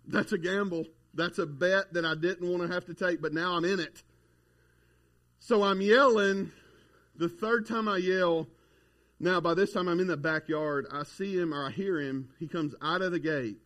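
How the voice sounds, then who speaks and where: High-voiced folksy preacher man. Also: a bit bright. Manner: folksy, conversational preaching with storytelling. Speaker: pastor. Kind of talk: sermon.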